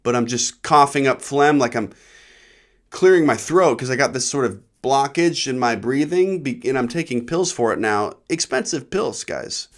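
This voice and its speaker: A man's voice: mid-range voice, lively intonation, moderate pace. A man from Nebraska, a comedian hosting his own show, telling a rambling, profane story. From Nebraska, USA. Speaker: comedian podcast host.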